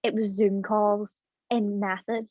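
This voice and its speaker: A woman's voice: medium pitch, flat delivery, slow, a little mellow, no room sound. Girl in her 20s, chatty, laughs a lot, dull dry sound. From Ireland. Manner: chatty, laughs often, lots of "like". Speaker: guest, drama student. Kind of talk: casual interview chat.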